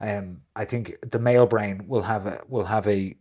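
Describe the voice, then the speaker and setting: A man co-hosting a casual chat, talking animatedly and jumping into big high voices when he quotes people. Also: fairly even intonation, normal speed, a little mellow, husky. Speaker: co-host.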